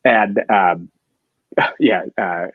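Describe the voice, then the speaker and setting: A man's voice: lowish voice, extremely slow, breathy edge, no room sound. Eager, rambling man on a comics talk show. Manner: enthusiastic, rambling with restarts. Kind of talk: casual chat. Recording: dry, dull lo-fi sound.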